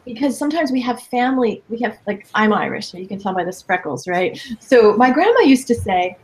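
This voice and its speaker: Lively emphatic woman in her fifties. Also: fairly high pitch, normal speed, slight background noise. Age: 50s. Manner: lively, emphatic, quotes people in playful voices. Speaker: guest coach. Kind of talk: casual interview chat.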